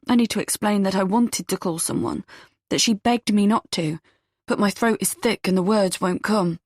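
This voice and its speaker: A woman's voice: medium pitch, moderate pace, darkish tone, no echo, studio quality. A woman narrating a first-person audiobook, giving characters small shifts of voice and dropping to a whisper for some lines.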